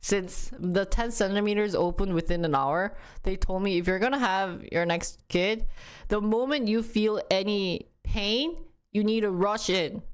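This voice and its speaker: Slow-talking woman chatting on stream. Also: medium pitch, clean tone. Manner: chatty, laughs often, searches for words. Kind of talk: casual live-stream chat.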